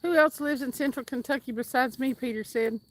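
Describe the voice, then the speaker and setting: Her voice sits high and moves a little fast, with slight background noise in the clip. The woman is fishing outdoors by the water on a casual livestream, upbeat and chatty as she reads viewer comments and whoops at times.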